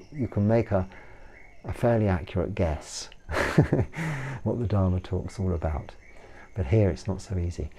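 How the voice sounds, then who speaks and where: An English man in his fifties, a Buddhist monk, answering a viewer's question in a relaxed, rambling way with frequent ums and restarts. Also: deep voice, gravelly. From England. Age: 50s.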